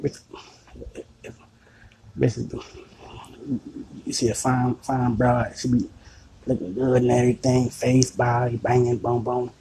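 A man's voice: on the low side, a little mellow, a little hiss or hum. A man hosting his own podcast in a crude, boastful, rambling comedic monologue. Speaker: podcast host.

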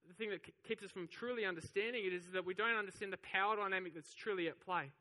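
A man's voice: sits high, fast talker, sharp tone, long reverb tail. A man preaching a sermon, telling the story with animation and acting out the voices of the crowd. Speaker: pastor.

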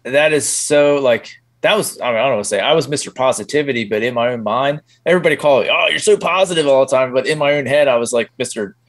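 Male interview guest with a mid-range voice, lively and conversational. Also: medium pitch, fast talker, few pauses. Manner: animated storyteller, acts out his own inner voice. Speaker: podcast guest, men's group leader. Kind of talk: casual interview chat.

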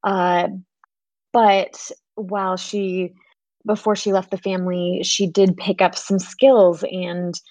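A woman guest player describes her character slowly and haltingly, filling her pauses with "um"s. Her voice stays flat and even, and the sound is dry. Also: on the low side, no room sound.

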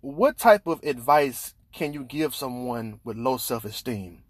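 A man's voice: mid-range voice, a little slow, no room sound. A man hosting a podcast, casually asking a guest questions with hesitant fillers. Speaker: podcast host.

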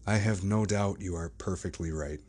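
A man reading the part of a steady, trustworthy lawyer who speaks firmly and reassuringly. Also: deep voice, normal speed.

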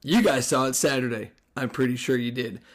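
A hoarse man hosting a casual sports podcast, excitable and profane, rambling with restarts. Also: medium pitch, a little fast. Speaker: podcast host.

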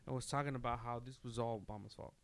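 A man, co-hosting a podcast, telling an animated story. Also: mid-range voice, racing, gravelly, crowd noise. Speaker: podcast co-host. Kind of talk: casual chat.

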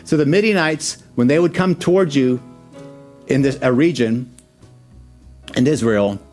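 A man preaching a sermon, lively and acting out the Bible story as he tells it. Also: mid-range voice, unhurried, faint music behind. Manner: animated preaching that acts out the scripture. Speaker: pastor.

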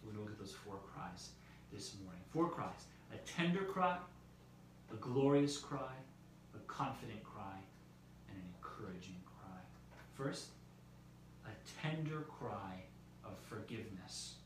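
A male pastor delivers a measured sermon, his lines trailing off quietly at the ends. He is heard from some distance in a very echoey room. A faint hiss sits underneath. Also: on the low side, expressive. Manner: measured preaching, dropping softly at phrase ends. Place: church meetinghouse or similar room, streamed live.

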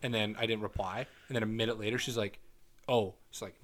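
A man's voice: moderate pace, long pauses, slight background noise. A young man, co-hosting a casual podcast, telling crude stories with lots of swearing. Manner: animated storytelling, swears a lot, quotes texts in a lowered voice. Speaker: podcast co-host. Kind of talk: casual chat.

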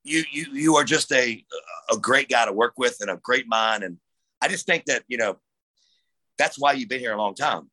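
A man hosting a casual podcast chat, telling an animated story and swearing as he acts out what others said. His voice is bright and forceful. The sound is close and dry. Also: medium pitch, moderate pace, dry recording, poor audio. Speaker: podcast host and wrestling referee.

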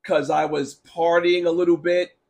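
A man's voice: fairly high pitch, little pitch movement, moderate pace, creaky, a little mellow. A man hosting a casual sports talk stream, ranting bluntly and sarcastically while answering chat, with a sore throat. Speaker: sports talk show host.

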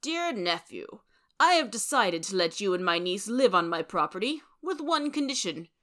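A woman's voice: mid-range voice, big pitch swings, moderate pace, pushed and bright. A woman reading out the letter of a stern, cold elderly uncle in a storybook, firm and formal.

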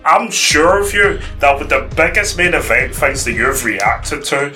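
A man's voice: on the high side, lively intonation, a little slow, sharp tone, soft background music. A man co-hosting a casual talk podcast, opinionated and ranting. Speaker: podcast co-host. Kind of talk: casual chat.

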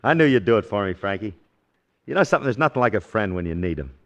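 A man playing a breezy, smooth-talking schemer in a 1940s radio comedy, brash and wheedling with his pal. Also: lowish voice, very animated, quick pace. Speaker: sitcom lead.

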